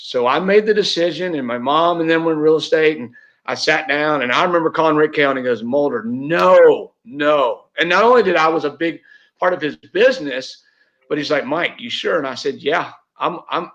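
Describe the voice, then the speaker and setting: This man's pitch is fairly high, his delivery fairly quick, and his tone fairly bright, though the audio itself sounds dull. He's a middle-aged real estate agent sharing a heartfelt story as an interview guest, earnest and restarting often.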